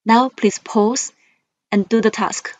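A woman English teacher, leading a classroom vocabulary drill, saying each word twice, slow and careful for pupils to repeat. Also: fairly high pitch, fairly even intonation, no echo.

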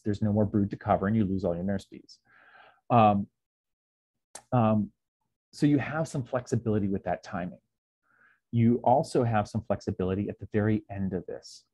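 A man's voice: fairly low pitch, warm tone, breathy edge, no echo. A man giving a casual slide lecture on beekeeping, with lots of ums, who sometimes acts out little dialogues. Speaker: beekeeping presenter.

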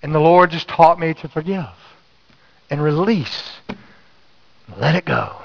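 A man preaching a sermon, calling out to the congregation and dropping to a hush for quoted words. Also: fairly high pitch, animated, measured pace, creaky, long reverb tail, muffled recording. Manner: call-and-response preaching, swings from loud to hushed. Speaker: pastor.

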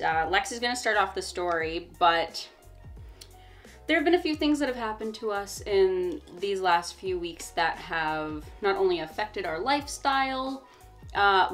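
A woman's voice: on the low side, a bit bright. A young woman co-hosting a casual storytime vlog, talking in a chatty, emphatic way and laughing often. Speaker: vlog co-host.

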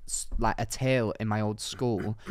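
Young guy rambling through stories on a podcast, smooth clear voice, dry close sound. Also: lowish voice, fairly even intonation, normal speed, dry recording. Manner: rambling anecdotal storytelling. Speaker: podcast co-host. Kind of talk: casual podcast chat.

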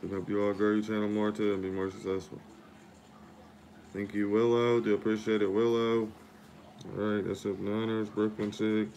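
This livestream host is a man whose voice sits on the low side with little pitch movement, delivered at a moderate pace. A faint hiss or hum runs underneath while he casually chats, giving viewers shout-outs and thanks by name over and over.

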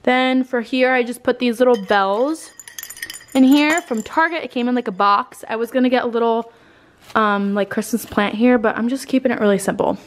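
A woman's voice: a little high, normal speed. Breathless, gushing young woman vlogger. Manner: gushing, chatty, swears casually. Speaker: lifestyle vlogger. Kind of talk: casual home tour chat. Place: her decorated home, indoors.

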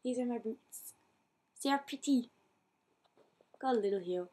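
Aussie teen girl rambling in her vlog, bit high voice, gaspy and giggly. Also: measured pace, long pauses, mellow, slight background noise. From Australia. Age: teens. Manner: chatty and bubbly, gasps and laughs often. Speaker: vlogger. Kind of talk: casual chat.

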